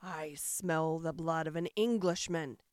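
A woman voicing a greedy, gruff giant ogre in a fairy tale reading, with a loud, slow delivery. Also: low-pitched, no echo, clean studio sound, voice pushed down. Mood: menacing.

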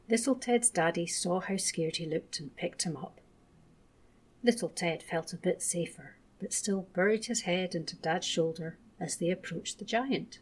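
A woman gently reading a children's bedtime story aloud as a storyteller. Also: fairly low pitch, slightly rough.

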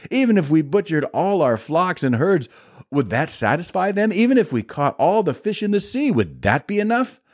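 A man reading as an anguished old prophet, pleading and strained, his voice pushed noticeably higher than the narration. His words rise and fall widely as he begs for relief. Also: big pitch swings, normal speed, darkish tone. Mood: pleading, exasperated.

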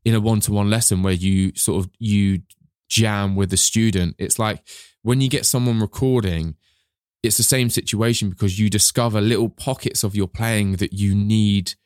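A man's voice: on the low side, steady tone, moderate pace, darkish tone, clear, resonant tone, dry recording, clean studio sound. A man co-hosting a casual podcast, talking enthusiastically with slangy phrases. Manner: enthusiastic, slangy, "mate" and "wicked". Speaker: podcast co-host and drum teacher.

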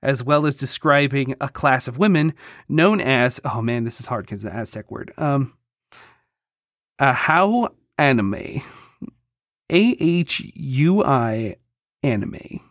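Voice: mid-range voice, lively intonation, slow, dry recording, clean studio sound. A podcast host casually reading out history notes, joking along and stumbling over hard foreign names.

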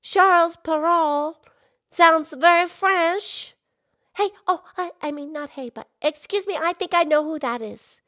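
A very high, sparkling voice belongs to a curious cartoon pig, as a woman puts her on. She chatters excitedly and peppers her co-host with eager questions. Her tone is sharp and bright throughout this playful kids' podcast. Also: unhurried. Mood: bubbly.

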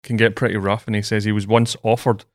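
A man's voice: lowish voice, level tone, quick pace, no room sound, clean studio sound. A man hosting a casual podcast, chatting and telling stories with lots of fillers. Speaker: podcast host.

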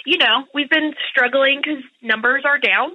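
A woman's voice: sits high, normal speed, dry recording. A woman youth minister speaking candidly about her struggles, recorded over a muffled line. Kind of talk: interview clip.

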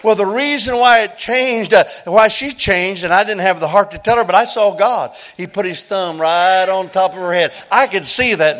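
An older man, a pastor telling a story in a sermon that builds into loud preaching and an altar call. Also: sits high, moderate pace, hardly any pauses.

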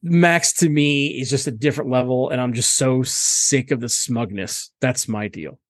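A man's voice: mid-range voice, moderate pace, dry recording. A man co-hosting a casual podcast, rambling and opinionated, swearing often. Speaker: podcast co-host. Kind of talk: casual chat.

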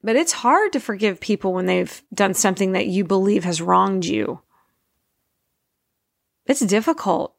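A middle-aged woman speaks earnestly in a relaxed, conversational way about faith, leaning into key words by slowing down. Her voice has a gravelly, creaky edge. The sound is close and dry, with little room in it. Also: medium pitch, no echo. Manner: earnest, conversational, slows to stress points. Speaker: Christian speaker, parent. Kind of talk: informal faith talk.

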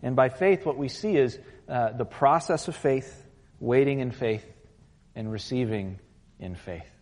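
A man's voice: medium pitch, measured pace, darkish tone. A man preaching a sermon as pastor, earnest and building to urgent intensity, after an opening prayer. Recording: long hall reverb.

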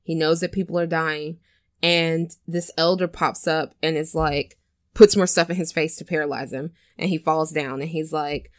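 A woman with a fairly low voice talks casually, retelling scenes with lively storytelling energy. The sound is dry and close, with no room around her. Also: moderate pace, dry recording. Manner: chatty, animated storyteller who acts out quotes. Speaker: podcast co-host. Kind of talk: casual chat recapping a film.

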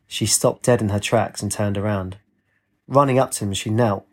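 Husky guy reading a story aloud, steady and plain. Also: on the low side, normal speed. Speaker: narrator. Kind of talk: audiobook story narration.

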